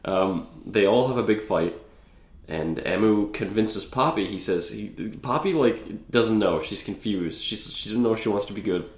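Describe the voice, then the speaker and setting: Low-voiced man with an echoey room sound. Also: normal speed. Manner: rambling, profane recap with frequent laughs. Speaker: podcast co-host. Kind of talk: casual chat.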